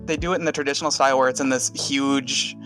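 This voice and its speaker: A man's voice: medium pitch, fairly even intonation, quick pace, music in the background. A man co-hosting a podcast live stream, rambling and laughing through a casual story with many fillers. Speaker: podcast co-host.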